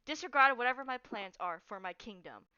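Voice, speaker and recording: A ruthless woman ruler snaps out stern commands, as a woman puts her on for a tabletop game. The voice is bright and edgy, close and dry, with a slightly dull, lo-fi sound. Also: a little high, expressive, a little fast, clear, resonant tone, dry recording. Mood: threatening.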